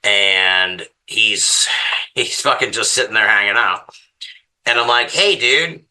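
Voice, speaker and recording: A man's voice: lowish voice, slow pace. A man telling a story as a podcast guest, swearing often and sounding exasperated as he recounts it. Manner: profane, exasperated, animated storytelling. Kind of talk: casual storytelling.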